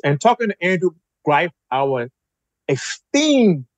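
A man's voice: sits high, sing-song, takes it slowly, no room sound, poor audio. A middle-aged man co-hosting a casual sports podcast, giving emphatic, opinionated takes. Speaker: podcast co-host, basketball writer.

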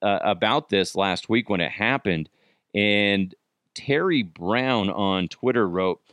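A man's voice: fairly low pitch, takes it slowly, fairly bright tone, clear, resonant tone, dry recording. A middle-aged man hosting a podcast, telling casual stories with swearing and laughter and acting out the voices of the people in them. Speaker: podcast host. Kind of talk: casual storytelling monologue.

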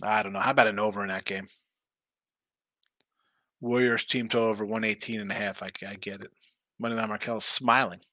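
A tired man hosts a live sports betting stream, yawning between picks and rambling along in a casual way. His voice has a bright, forward edge. The mic is close and dry, with no room sound. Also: on the low side, steady tone, brisk, long pauses, dry recording. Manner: rambling, reads viewer chat aloud. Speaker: sports betting show host.

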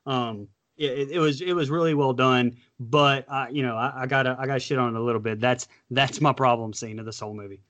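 Halting man weighing his opinion. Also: medium pitch, fairly even intonation, fairly bright tone. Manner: halting, many restarts while forming opinions. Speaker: podcast co-host. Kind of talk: casual chat.

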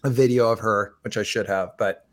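A young man with a fairly low, fairly even voice talks briskly as co-host of a casual podcast. He's chatty and playful, full of laughs and restarts.

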